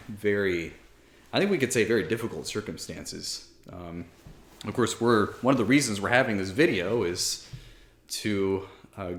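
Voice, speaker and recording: A priest in his thirties talks candidly to the camera, self-deprecating and full of small restarts. His voice sits fairly low. He speaks from a library armchair, and the room gives back a clear echo. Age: 30s. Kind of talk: casual spoken talk to camera.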